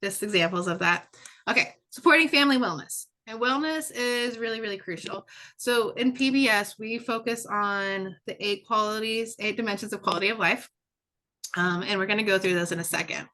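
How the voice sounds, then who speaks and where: A woman's voice: mid-range voice, normal speed, bright, forceful tone. A woman presenting a webinar lecture in a conversational way, often checking in with "right?" and repeating words for emphasis. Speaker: presenter and curriculum developer.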